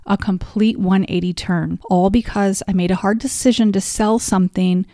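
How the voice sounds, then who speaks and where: A woman sits close to the mic in a dry, deadened space and tells a deeply personal story. Her pitch sits in an ordinary middle range for a woman, and her manner is heartfelt and confessional. She lets her feelings show openly as she talks. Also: fairly even intonation, normal speed, warm tone, no echo. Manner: openly emotional at times. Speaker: podcast host.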